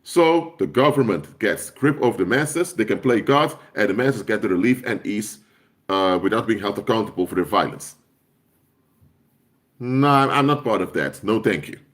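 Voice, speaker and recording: A man's voice: lowish voice, lively intonation, moderate pace. A man preaching on a live stream in an impassioned way, hammering home points by repeating phrases. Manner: emphatic, repeats key phrases for force.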